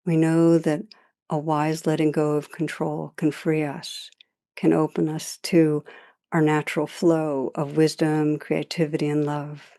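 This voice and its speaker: Slow, low-voiced older woman teacher. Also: monotone. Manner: gentle, reflective, storytelling with soft laughs. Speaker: meditation teacher. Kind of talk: dharma talk.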